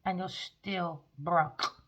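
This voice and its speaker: A woman giving a tarot reading, scornful and theatrical, mockingly calling people darling and shifting between loud outbursts and low mutters. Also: steady tone, drawn-out words. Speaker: tarot reader. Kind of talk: rambling tarot reading monologue.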